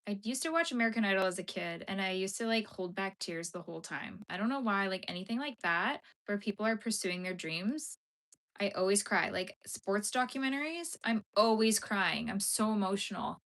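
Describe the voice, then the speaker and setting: A woman's voice: medium pitch, lively intonation, normal speed, a bit bright. A young adult woman chatting casually on a live stream while she crochets, answering viewer comments and murmuring to herself as she works.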